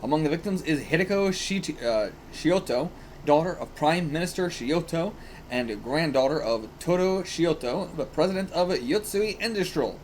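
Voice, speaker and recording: A man's voice: a little high, animated, normal speed, a little hiss or hum. A man hosting a manga reaction, reading aloud casually and rambling, often swearing and laughing.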